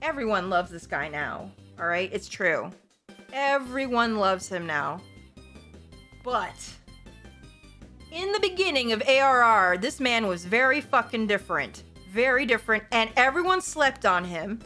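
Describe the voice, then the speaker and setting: Lively, bright-voiced woman streamer. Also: a little high, a little slow, faint music behind. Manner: animated, profane, playfully gushing. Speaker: livestreamer. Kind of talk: casual livestream chat.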